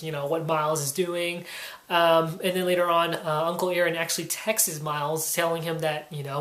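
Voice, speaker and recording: A woman's voice: deep voice, reverberant. A woman giving a casual spoken comic book review, rambling and leaning on "you know" and "um".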